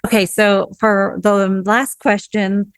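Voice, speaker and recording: An American woman co-hosting a podcast, talking in an earnest, warm-hearted way. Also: medium pitch, little pitch movement, takes it slowly, clean tone, no room sound. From United States. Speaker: podcast co-host and teacher. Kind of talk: casual interview chat.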